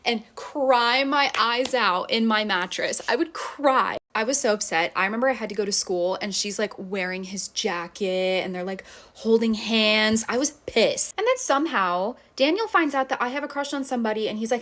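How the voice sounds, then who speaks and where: A woman's voice: fairly high pitch, normal speed, fairly bright tone. A young woman telling an emotional personal story in a casual storytime. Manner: emotional, chatty retelling.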